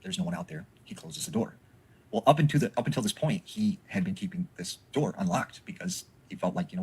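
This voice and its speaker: A man's voice: on the low side, big pitch swings, fairly quick, vocal fry, a little mellow, breathy edge, poor audio. A man casually retelling a creepy backwoods story, full of fillers and acted-out dialogue.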